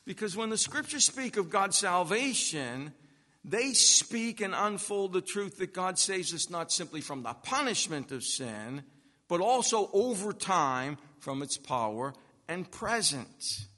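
Bright, slow-preaching man in a reverberant hall. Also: high voice, sing-song. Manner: slow, emphatic preaching with long pauses and swells in loudness. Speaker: pastor. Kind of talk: sermon.

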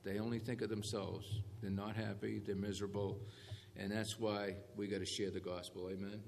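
A man preaching to his congregation, slowing down to hammer key lines and asking for amens. His voice carries through a hall with a long echo, with faint room noise behind it. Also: lowish voice, vocal fry. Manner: call-and-response, animated emphasis on key phrases. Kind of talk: sermon. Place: church hall. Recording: echoey hall with faint ambience.

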